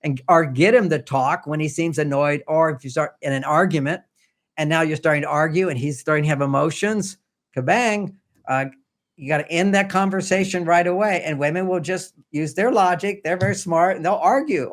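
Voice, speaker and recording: A man's voice: on the high side, brisk. An older man, a relationship author who is a podcast guest, tells stories in a conversational way and acts out the lines of the people in them. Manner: anecdotal, acts out quoted dialogue. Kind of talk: conversational storytelling.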